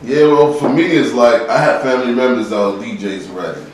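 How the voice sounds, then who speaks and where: A man's voice: mid-range voice, fairly quick, very echoey, far from the mic, low-quality recording. A man from New York, a DJ, talking casually about growing up around DJs in his family. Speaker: DJ, guest. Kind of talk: casual chat.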